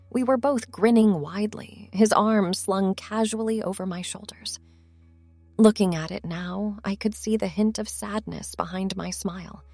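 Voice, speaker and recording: A woman telling a first-person story in a soft, intimate narrating manner. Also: medium pitch, no echo.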